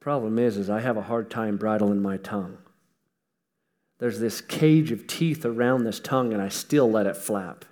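A man preaching a sermon in a folksy, emphatic way, swinging between loud stresses and hushed asides, with touches of humor. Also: fairly low pitch, normal speed, long reverb tail.

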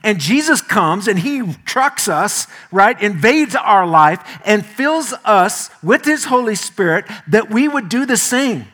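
A male pastor preaching a sermon, telling stories in a folksy, animated way with homely asides. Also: sits high, slow pace, few pauses.

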